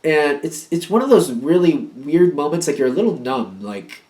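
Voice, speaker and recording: A man's voice: fairly high pitch, big pitch swings, moderate pace, darkish tone. A man giving a casual tarot reading in a rambling, repetitive, emphatic way. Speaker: tarot card reader.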